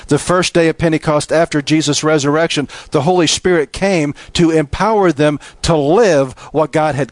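A man preaching a sermon, building from steady teaching to impassioned, emphatic appeals. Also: on the high side, no echo.

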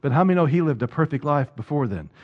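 A man's voice: on the high side, expressive, fast, dull audio. Fervent man preaching a sermon. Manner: asks the congregation rhetorical questions, repeats words when stressing a point. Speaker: pastor.

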